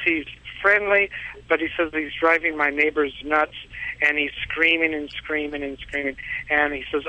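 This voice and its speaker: A man's voice: on the high side, pushed and bright, dry recording, muffled recording. A man calling in, telling a long story in a rambling, repetitive way and laughing at himself. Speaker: caller. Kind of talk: casual phone-in storytelling.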